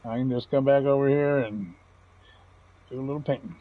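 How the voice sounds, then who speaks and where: A man's voice: medium pitch, steady tone, fairly quick, phone-quality sound. Folksy man chatting over gameplay. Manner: folksy, chatty, chuckles often. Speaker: gaming channel host. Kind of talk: casual gameplay commentary.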